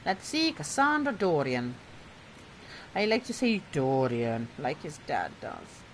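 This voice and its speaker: Woman, Italian accent, slight Bolognese lilt, gameplay commentary, animated intonation, faint background noise. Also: mid-range voice, unhurried. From Bologna, Italy. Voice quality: drama-school trained diction. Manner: rambling, chatty, self-deprecating asides. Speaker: let's play host.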